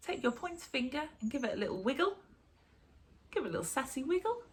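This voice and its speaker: A woman teaching an online lesson with a bright, animated delivery. Her pitch sits a little high and swings widely from phrase to phrase. She sounds chatty and encouraging, talking straight to her learners. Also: fast talker. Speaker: drama teacher. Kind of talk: online sign language lesson.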